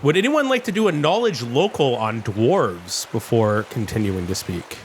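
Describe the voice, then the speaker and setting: A man narrating a tabletop game as game master, describing the scene with dramatic pauses. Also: medium pitch, expressive, background noise.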